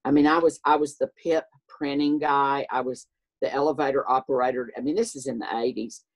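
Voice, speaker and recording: An older man from the American South, appearing as a guest, has a high voice often mistaken for a woman's. He speaks fairly quickly, telling casual anecdotes in a lively way and acting out the voices.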